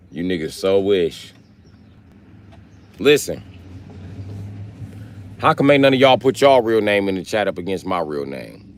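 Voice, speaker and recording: A man hosting a livestream, telling profane comic stories in a loose, animated way into a close mic. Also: low-pitched, a little slow, pauses often. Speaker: livestream host. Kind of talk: casual comedic rant.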